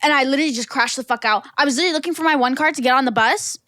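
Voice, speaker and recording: High-voiced young woman, brash and sweary, dry close sound. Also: rapid-fire, pushed and bright, no room sound. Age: young adult. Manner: brash, profane, storytelling with lots of "like". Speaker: podcast guest. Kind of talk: casual chat.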